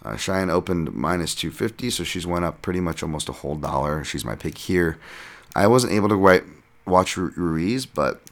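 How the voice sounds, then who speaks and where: A man with a deep, low voice hosts a casual podcast breakdown. He talks through his picks off the cuff, circling back, restarting phrases and swearing casually as he goes. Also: animated, moderate pace, vocal fry. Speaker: podcast host and fight analyst.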